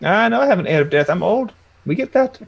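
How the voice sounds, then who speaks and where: A folksy old woman adventurer with a husky, raised voice that swoops up and down, as a man puts her on. She is blunt and teasing, a grandmotherly type in a tabletop game. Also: sits high, animated, quick pace, lo-fi sound, voice pushed up, heavily acted. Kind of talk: tabletop role-play.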